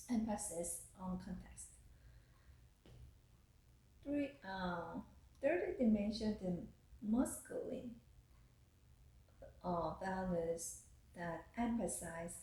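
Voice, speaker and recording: Woman, university lecturer, slow and deliberate, mellow tone, restarts phrases, roomy echo. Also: mid-range voice, lively intonation. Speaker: university professor. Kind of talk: recorded lecture. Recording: echoey room.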